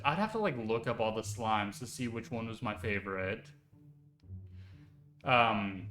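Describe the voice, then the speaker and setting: A man streaming live, chatting casually and excitedly, rambling with lots of fillers. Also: mid-range voice. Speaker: VTuber streamer. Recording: echoey room with faint music behind.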